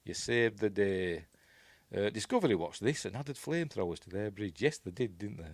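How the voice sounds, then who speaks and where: A man's voice: on the low side, dry recording. A man with a Yorkshire accent giving a rambling, chuckling commentary on a film, acting out quoted lines. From Yorkshire, England. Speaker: film reviewer.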